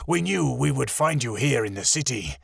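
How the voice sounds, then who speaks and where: A man voicing a wise white tiger guardian with a deep, rough, rumbling voice, calm and measured. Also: dry recording, clean studio sound, heavily acted.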